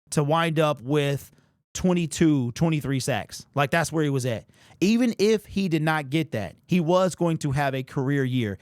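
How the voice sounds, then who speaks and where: A man's voice: on the high side, no echo, clean studio sound. A man hosting a live sports talk stream, passionate and emphatic, visibly emotional as he talks it through. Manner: passionate, emphatic, gets worked up. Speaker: sports show host.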